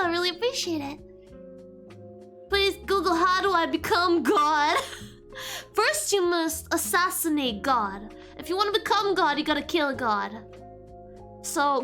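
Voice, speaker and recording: A woman's voice: very high-pitched, animated, measured pace, pushed and bright. A woman VTuber streamer chatting casually and playfully with her viewers, giggling often. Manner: giggly and playful, reacting to chat. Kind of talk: casual livestream chat with viewers. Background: faint lo-fi background music.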